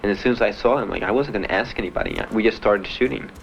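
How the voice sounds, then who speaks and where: A man's voice: on the low side, quick pace, vocal fry, lo-fi sound, a little hiss or hum. A young American man from Miami, a veteran bluntly and matter-of-factly telling his own story with dry laughs. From United States (Miami). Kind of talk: candid spoken testimony.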